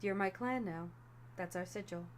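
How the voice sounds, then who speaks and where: Animated woman running a tabletop game. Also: medium pitch, moderate pace, a little hiss or hum. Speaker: game master.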